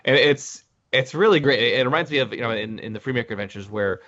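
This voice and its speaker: A man's voice: medium pitch, quick pace, a bit bright. A man hosting a casual discussion, rambling and restarting his sentences often. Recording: dull lo-fi audio.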